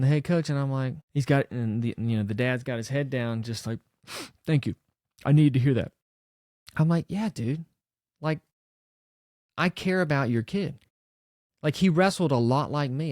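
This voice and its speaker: A man's voice: medium pitch, darkish tone, dry recording, clean studio sound. A man, a personal trainer and former wrestling coach, telling a personal story in a loose, reflective way with many fillers and restarts. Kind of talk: casual storytelling monologue.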